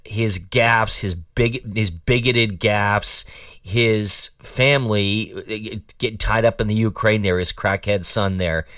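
A man's voice: fairly low pitch, fairly even intonation, slow, a bit bright, no echo, clean studio sound, far from the mic. A man hosting a talk show and giving opinionated political commentary in a sarcastic, mocking, rambling way.

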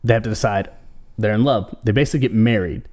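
A man co-hosting a casual chat show, relaxed and chatty, passing along strange news stories. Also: on the low side, fast. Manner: relaxed storytelling, sharing odd news stories. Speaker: podcast co-host.

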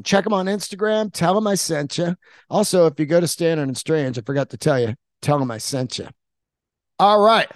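A podcast host rambles through a casual monologue, enthusiastic and full of swearing and filler words. His voice is a little high and gravelly, captured in a dry, studio-quality recording.

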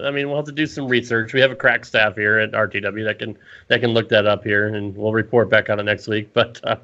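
A man's voice: fairly low pitch, fairly even intonation, quick pace, bright, forceful tone, dull audio. A man co-hosting a casual wrestling podcast, profane and rambling, laughing often. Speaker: podcast co-host.

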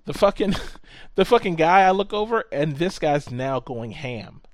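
A man telling a story in casual chat, animated, swearing often and acting out what people said. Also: fairly high pitch, measured pace, no room sound.

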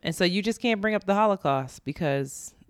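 A woman's voice: medium pitch, lively intonation, smooth, no room sound. A woman co-hosting a podcast, teasing her co-host in a slangy casual chat. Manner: teasing, slangy, quick to laugh.

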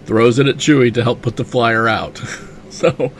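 A man's voice: mid-range voice, steady tone, moderate pace, a little hiss or hum. A man hosting a podcast, recapping a comic casually with enthusiasm, lots of "you know" and chuckles. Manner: enthusiastic, chuckling, many fillers.

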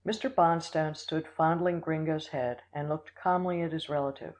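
An audiobook reader narrating a classic story in a steady, measured way. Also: mid-range voice, low-quality recording. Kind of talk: scripted narration.

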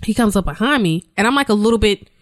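A woman co-hosting a podcast, telling a story in casual chat, animated and profane, acting out quotes. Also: medium pitch, quick pace, no room sound. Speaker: podcast co-host.

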